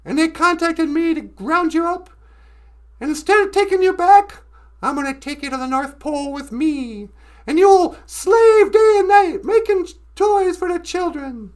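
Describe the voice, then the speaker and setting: A woman voicing Santa Claus as a bossy old child-catcher, loud and blustering with a booming laugh. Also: lively intonation, a little slow. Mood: bullying.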